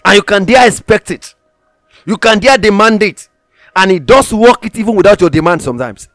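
A man's voice: high-pitched, expressive, brisk, a bit bright, no echo, clean studio sound, faint music behind. A man preaching a sermon, emphatic, repeating phrases for stress and reading scripture aloud in old-fashioned wording.

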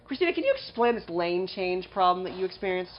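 Woman co-host, lowish voice, teasing interrupter; dull lo-fi podcast audio. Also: sing-song, fast. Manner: joking, interrupts often to quiz and tease. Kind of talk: casual chat. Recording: dull lo-fi recording.

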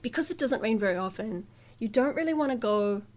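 A woman's voice: fairly high pitch, fairly quick. Laughing, easygoing woman from New Zealand. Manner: relaxed, laughs often, trails off softly. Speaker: musician guest. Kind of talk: casual interview chat.

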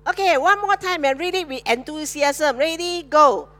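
A woman pastor, preaching a sermon with animated call-and-response to her congregation. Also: sits high, moderate pace.

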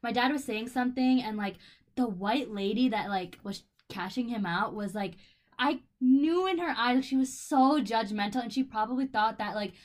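Young woman, higher voice, chatty, rambling, informal. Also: moderate pace. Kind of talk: casual chat.

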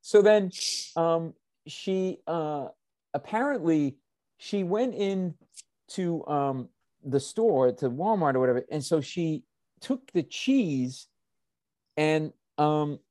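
A man telling rambling comic stories in casual chat, swearing freely and getting animated. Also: on the high side, slow pace, dry recording, clean studio sound. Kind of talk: casual chat, comedic storytelling.

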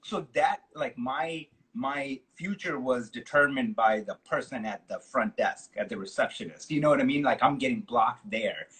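A man's voice: medium pitch, normal speed, few pauses, a bit bright, low-quality recording. A man hosting a casual interview, talking with energy and plenty of slang, often calling people dude. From Chicago. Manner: enthusiastic, slangy, says dude a lot. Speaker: podcast host.

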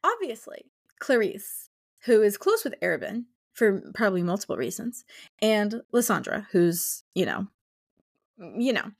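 A young woman co-hosting a casual book podcast, retelling scenes with lively character voices. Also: vocal fry. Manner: animated, acts out characters in quick high voices. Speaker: podcast co-host.

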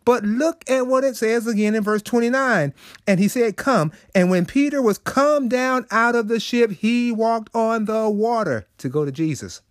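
A man with a high voice preaches a short devotional in a casual, talky way. He swings between loud peaks and soft asides. The sound is dry and close. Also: normal speed, no room sound. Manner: conversational preaching with sudden rises and drops. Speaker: inspirational segment host.

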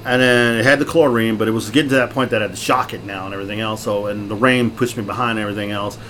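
A middle-aged man co-hosting a podcast, loud, jokey and excitable, laughing often. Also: on the low side, very fast. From Texas. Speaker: podcast co-host. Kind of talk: casual chat. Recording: faint background noise.

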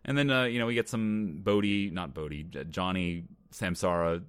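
Young male podcast co-host, low voice, dry close mic, wry casual delivery. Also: fairly even intonation, normal speed, a bit bright, clear, resonant tone, no echo. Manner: wry, laughs while recapping scenes. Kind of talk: casual movie-review chat.

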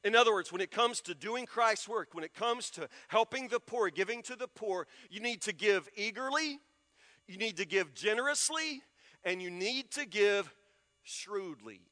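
A male pastor delivers a sermon with a high, bright voice. He hammers key words through repetition, then lets them sink into soft, low emphasis. His voice rings with the long reverb of a church sanctuary. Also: lively intonation, normal speed.

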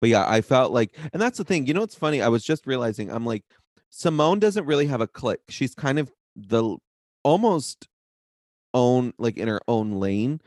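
A man's voice: mid-range voice, animated, moderate pace, a little mellow, dry recording, studio quality. A man co-hosting a podcast, chatting in a gossipy way and laughing often. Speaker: podcast co-host. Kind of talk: casual chat.

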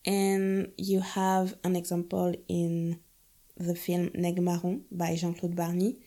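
A woman's voice: on the low side, monotone, slow, dark tone. A young adult woman from Guadeloupe, talking reflectively and casually about a film with playful asides. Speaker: film discussion host.

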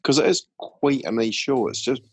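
A man's voice: medium pitch, moderate pace, slightly rough, no echo. A British man co-hosting a casual podcast chat, agreeable and thinking aloud. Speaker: podcast co-host.

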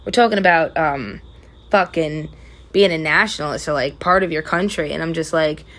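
A woman's voice: low-pitched, normal speed. Profane, laughing woman podcast host. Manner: profane, candid storytelling with frequent loud laughs. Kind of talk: casual monologue.

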